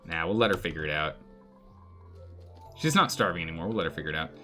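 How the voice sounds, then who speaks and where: A man giving live commentary on a colony game, animated and exclaiming, pleading with his characters. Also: low-pitched, fast, faint music behind. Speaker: streamer playing a colony game.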